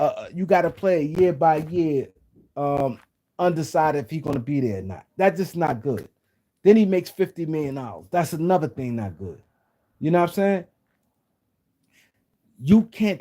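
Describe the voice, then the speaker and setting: Mellow-voiced man ranting on a live stream. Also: a little high, animated, normal speed. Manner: rambling, repeats himself, speaks to chat viewers. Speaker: sports talk show host. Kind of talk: casual live-stream commentary.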